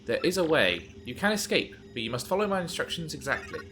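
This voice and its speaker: A man voicing a calm, earnest male computer AI of an enemy base, speaking in a formal, measured, subdued way. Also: a little high, background noise. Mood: solemn.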